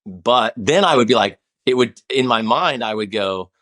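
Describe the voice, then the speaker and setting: A man's voice: medium pitch, animated, normal speed, bright, forceful tone. A man in his forties, a guest on a podcast, talking in a rambling, passionate way with many restarts. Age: 40s. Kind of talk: casual conversation.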